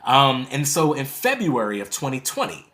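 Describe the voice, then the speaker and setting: A man in his thirties tells his story as a podcast guest, his voice sitting at a middle pitch. He is animated and often laughs. He slips into other people's voices when he quotes them. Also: normal speed. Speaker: poet and author guest.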